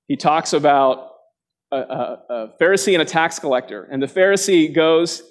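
A man with a somewhat higher voice preaches a sermon before a live congregation. He talks earnestly, asking his listeners direct questions. When he acts out quotations, his voice jumps sharply in pitch. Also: normal speed.

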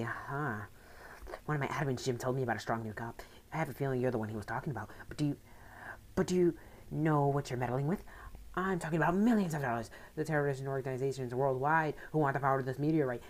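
Maxie, a woman reading as a smug villain leader. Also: rumbling low. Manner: smug, condescending. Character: scheming greedy male villain leader.

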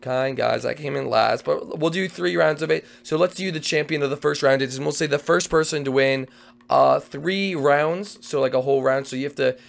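A young man hosting a Minecraft race role-play, excitable and shouty, switching between characters. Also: on the high side, moderate pace, gravelly. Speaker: game host.

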